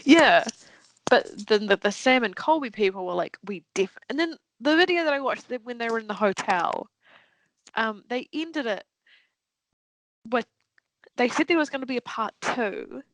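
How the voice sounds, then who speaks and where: A woman co-hosts a casual podcast, retelling stories with lively, animated flair and voicing the people she quotes. She swears freely as she talks. The recording is dry and close, with no room sound. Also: on the high side, moderate pace, pauses often, no echo, rough recording. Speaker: podcast co-host. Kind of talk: casual chat.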